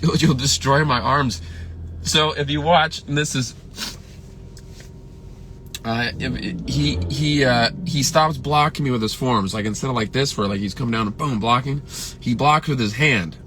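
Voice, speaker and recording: A man with a medium-pitched, fairly bright voice rambles casually on a livestream about a late colleague, emotional at times and full of fillers and restarts. He's a filmmaker, and there's slight background noise.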